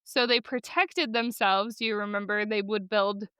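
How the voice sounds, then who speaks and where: A woman's voice: mid-range voice, fairly even intonation, moderate pace, fairly bright tone, smooth, no room sound. A woman co-hosting a podcast in casual chat, chatty and enthusiastic, laughing easily. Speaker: podcast co-host.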